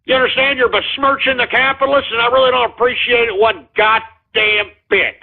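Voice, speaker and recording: A man's voice: very high-pitched, steady tone, fairly quick, vocal fry, phone-quality sound. A man hosting a call-in radio show, scolding his callers in an exasperated, profane rant.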